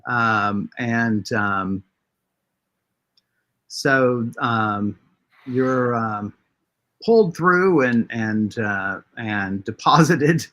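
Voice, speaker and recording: A man runs a tabletop role-playing game, narrating the scene at an unhurried pace. He hesitates often and fills pauses with filler words while he works out what comes next. His pitch is in a middle range for a man. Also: fairly bright tone. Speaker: game master.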